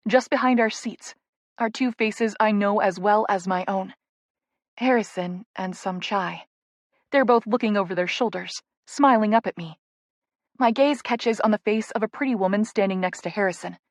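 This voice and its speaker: A woman narrating a first-person romance audiobook in a soft, intimate, emotional way. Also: mid-range voice, normal speed, no echo, clean studio sound.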